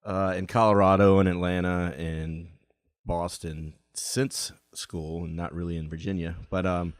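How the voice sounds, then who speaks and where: Low-voiced hesitant man, podcast guest. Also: little pitch movement, smooth, dry recording, clean studio sound. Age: 40s. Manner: hesitant, halting with fillers. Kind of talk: casual podcast chat.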